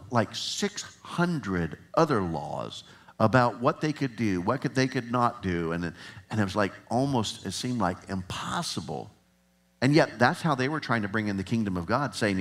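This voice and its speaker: A man preaching a sermon in a conversational way, chuckling at times and building to emphatic passages. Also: mid-range voice.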